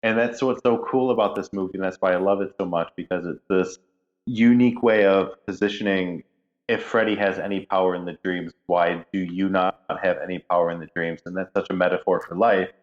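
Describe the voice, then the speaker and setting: A man's voice: low voice, fairly even intonation, a little fast, dull audio. A man on a podcast talking enthusiastically and reflectively about a film he loves. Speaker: podcast co-host. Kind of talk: casual podcast discussion.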